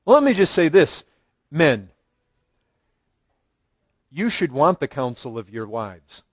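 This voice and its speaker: High-voiced man preaching earnestly. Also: very animated, takes it slowly, no echo. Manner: earnest preaching with rising emphasis and repeated phrases. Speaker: pastor. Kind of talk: sermon.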